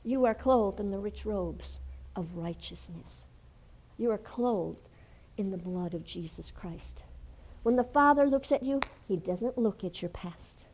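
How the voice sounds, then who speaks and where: A woman preaching a sermon and telling a healing story, dropping to hushed whispers and then rising to loud, fervent exclamations. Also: mid-range voice, lively intonation, unhurried, low-quality recording. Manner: storytelling with acted quotes.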